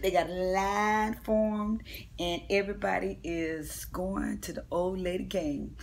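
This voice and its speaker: A woman's voice: mid-range voice, slight background noise. A woman vlogger giving a casual, comedic recap of a reality show. She talks brash and profane, laughs often, and acts out the people she quotes.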